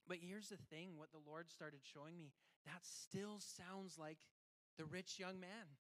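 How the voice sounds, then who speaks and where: A man preaching a sermon, earnest and reflective, dropping to quiet, slow lines and then rising into emphatic bursts. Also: a little high, low-quality recording.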